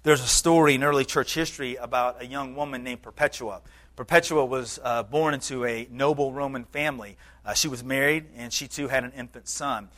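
A man's voice: mid-range voice, fairly quick, fairly bright tone. A man preaching a sermon as pastor to his congregation, earnest and conversational, with occasional fillers.

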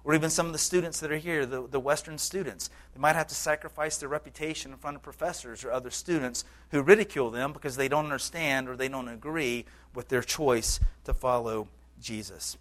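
Male pastor, mid-pitched, earnest conversational sermon delivery. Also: fairly quick, fairly bright tone. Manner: earnest, conversational preaching with occasional fillers.

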